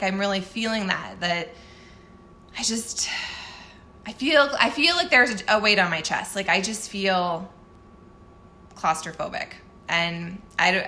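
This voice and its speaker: Bright-voiced chatty woman vlogging. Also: mid-range voice, a little hiss or hum. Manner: chatty, candid and self-deprecating, laughs often. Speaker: fitness coach. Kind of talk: casual morning vlog chat.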